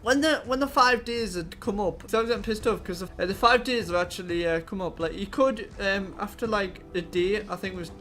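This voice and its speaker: Young male vlogger, high-pitched, swearing storyteller. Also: fairly quick, few pauses. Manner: rambling, profane, animated when angry. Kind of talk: casual storytelling.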